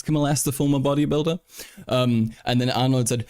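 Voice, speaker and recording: A man's voice: mid-range voice, moderate pace, a little mellow, smooth. A young man hosting a live stream in casual chat, rambling, swearing, and restarting his sentences while reading headlines aloud. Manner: rambling, profane, frequent restarts. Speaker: livestream host.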